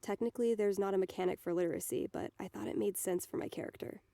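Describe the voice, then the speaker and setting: A woman's voice: medium pitch, fast talker, gravelly, mellow, no echo, lightly acted. A woman reading a buoyant young woman gamer explaining her character choice matter-of-factly.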